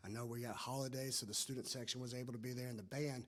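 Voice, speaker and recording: A man, a head coach, speaking at a postgame press conference with a hoarse, worn voice and an energetic, repetitive way of stressing his points. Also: medium pitch, fast, hardly any pauses. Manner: energetic, repeats himself when emphasizing.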